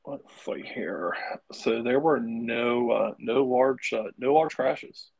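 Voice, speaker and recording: A young man with a medium-pitched voice talks bluntly and swears freely in relaxed podcast banter. He is recorded close and dry, with no room sound. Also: slow pace, creaky, breathy edge, no room sound, highs cut off. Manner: profane, blunt and excitable. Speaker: podcast co-host. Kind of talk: casual podcast chat.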